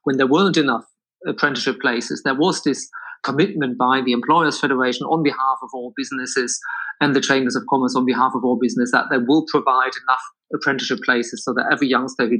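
A man from Germany, a guest in an interview, explaining in a measured way with frequent restarts. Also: mid-range voice, fairly bright tone, low-quality recording. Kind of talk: conversational interview answers.

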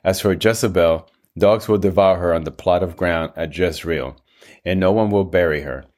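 Young prophet, grave, declaiming, low-pitched, read by a man. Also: normal speed, darkish tone, close to an everyday voice. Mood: solemn. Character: solemn young male prophet.

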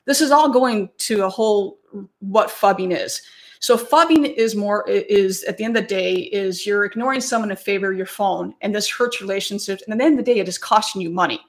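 A woman's voice: mid-range voice, brisk. A woman, around her thirties, telling a personal story in a chatty talk, with many restarts and asides.

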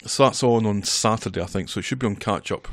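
A man's voice: lowish voice, fast talker, dry recording. A man co-hosting a casual podcast, teasing his co-host with dry humor.

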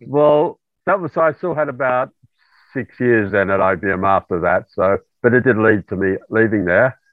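A middle-aged Australian man speaking as a guest over a remote call, talking in an unhurried way with many fillers. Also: fairly low pitch, no room sound. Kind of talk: remote interview. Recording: tinny call line, very dry.

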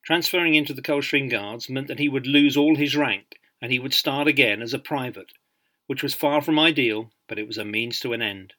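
A man narrating a biography in an audiobook, measured and dryly humorous. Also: medium pitch, sharp tone.

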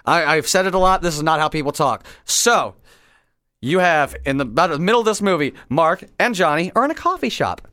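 Young male podcast co-host, high, smooth voice, dry close sound, exasperated rants. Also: lively intonation, fairly quick, pushed and bright, no echo. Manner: exasperated, ranting. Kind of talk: casual chat.

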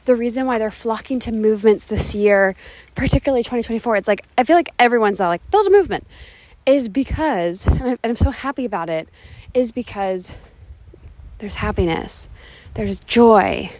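A woman's voice: fairly high pitch, lively intonation, normal speed, darkish tone. A woman business coach hosting a motivational podcast, talking emphatically outdoors in the wind, holding her microphone with her hand cupped around it. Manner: enthusiastic, emphatic, repeats phrases for emphasis. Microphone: handheld mic with cupped hand.

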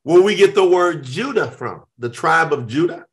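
A man's voice: a little high, normal speed. A middle-aged man in a casual discussion, explaining Hebrew names and acting out both sides of conversations as he tells stories. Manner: animated storytelling, acts out both sides of conversations.

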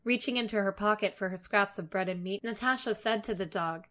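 A woman storyteller reading a fairy tale aloud, steady with wry asides. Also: medium pitch, fairly quick, few pauses.

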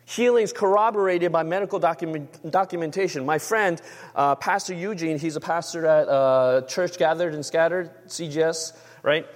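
A man's voice: on the high side, normal speed, long reverb tail. A man preaching a sermon as a pastor, talking conversationally and often checking with the room. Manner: conversational, asks the room for agreement.

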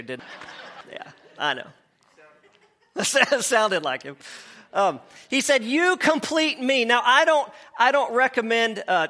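A man's voice: high voice, bright, forceful tone. A man preaching a sermon in a conversational way, repeating words as he goes and asking the congregation questions. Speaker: pastor.

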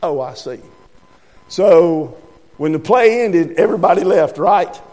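A man voicing a calm, shrewd older small-town preacher, talking slowly and teasing gently, in an echoey hall with faint music. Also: high voice.

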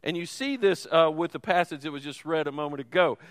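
A man's voice: a little high, fairly quick, fairly bright tone, clear, resonant tone, long reverb tail. A man preaching a sermon as teaching pastor, in a conversational, folksy way. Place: church sanctuary.

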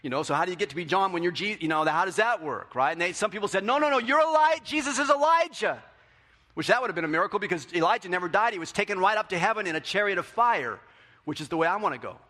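A man preaching a sermon as pastor, animated, acting out the quotes in a raised voice. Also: high-pitched, very fast. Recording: hall with long reverb.

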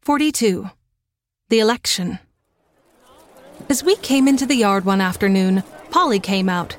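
A woman narrating a classic storybook in an even, measured reading voice. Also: medium pitch, slight background noise. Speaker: audiobook reader.

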